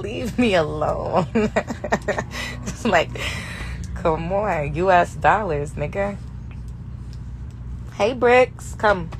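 A hoarse young woman in her twenties who has lost her voice, chatting brashly and profanely on a phone live stream from a tour bus bedroom, laughing often. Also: medium pitch, a little hiss or hum. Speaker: livestream host. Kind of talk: casual live Q&A chat. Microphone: phone held for a social-media live stream.

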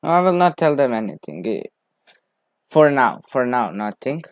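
A man talking over his football management game, reacting to each chance and shouting player names when his team scores. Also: mid-range voice, big pitch swings, moderate pace, no echo. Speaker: gaming video creator.

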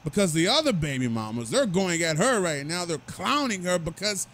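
Animated high-voiced male gossip host. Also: normal speed, a little hiss or hum. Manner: animated, mocking asides to viewers. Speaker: commentary host. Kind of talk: gossip commentary.

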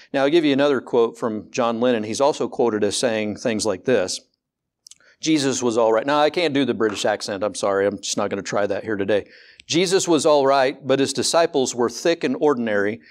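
A man preaching a sermon as pastor, candid and conversational, often repeating words and slowing down to stress a point, with rising rhetorical questions. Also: medium pitch.

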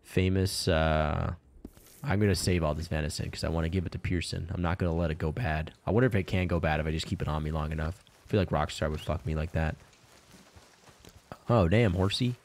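A man's voice: deep voice, fairly quick, a little mellow. A man streaming a video game, chatting casually as he plays, swearing constantly and chuckling between remarks. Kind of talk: casual let's-play commentary.

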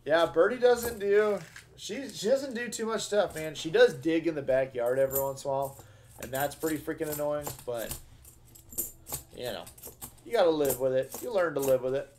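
Here a man runs a live coin-hunting stream, talking casually with viewers in an excitable, slangy manner and breaking into loud cheers between relaxed stretches. His voice is a little high, his pace moderate with frequent pauses, and a little hiss or hum can be heard.

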